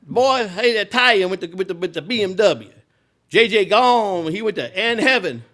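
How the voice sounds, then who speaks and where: A man's voice: sits high, lively intonation, normal speed, sharp tone, pitched above the performer's own voice. A man impersonating a domineering older Southern small-town boss man who taunts and keeps calling him boy. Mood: gloating. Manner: taunting, sneering, calls everyone boy.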